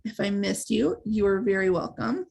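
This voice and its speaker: A woman's voice: medium pitch, expressive, moderate pace, gravelly, a little mellow, slightly rough. A woman hosting a live training webinar, explaining step by step in a conversational way. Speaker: webinar host and sales trainer.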